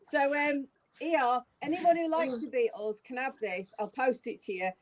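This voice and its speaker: A woman's voice: high-pitched, moderate pace. A woman in casual chat, speaking bluntly and offhandedly.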